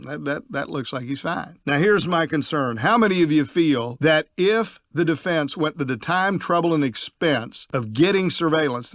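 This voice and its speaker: A man's voice: on the high side, fairly bright tone, no room sound, studio quality. Folksy man telling a story. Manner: folksy storyteller, acts out dialogue in quick voices. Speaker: trial lawyer teaching other lawyers. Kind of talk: storytelling lecture on trial strategy.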